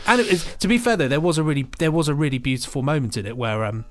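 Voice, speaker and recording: A man's voice: fairly high pitch, racing, faint music behind. A young man co-hosting a podcast, chatting casually and rambling with lots of restarts and fillers. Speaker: podcast co-host. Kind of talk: casual chat.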